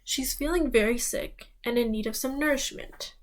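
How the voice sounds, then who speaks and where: A woman's voice: fairly high pitch, normal speed, lightly acted. A woman voicing a caring mother who gives her daughter firm instructions.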